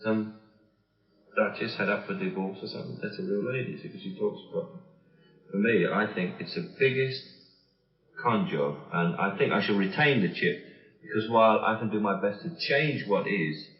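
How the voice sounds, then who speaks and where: Deep-voiced Cockney man, old roomy recording. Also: lively intonation, moderate pace. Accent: Cockney London. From London, England. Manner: hesitant, with frequent restarts and fillers, wry and pointed. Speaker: interviewee. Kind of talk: reflective interview talk. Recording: old dull interview recording, roomy and distant.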